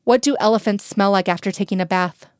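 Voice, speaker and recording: A woman voicing a gentle, wry man who speaks quietly and softly to a child. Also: medium pitch, fast talker, no echo, studio quality, lightly acted.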